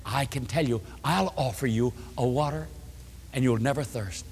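A man preaching a sermon voices the lines of a kindly, compassionate male teacher, low, soft and tender, in a reverberant church. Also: normal speed, creaky, slight background noise, close to an everyday voice.

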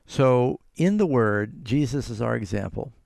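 A man's voice: mid-range voice, lively intonation, a little slow, creaky, darkish tone, no room sound, studio quality. A man hosting a call-in radio show as a pastor, earnestly explaining and quoting scripture. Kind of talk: call-in radio Bible answers.

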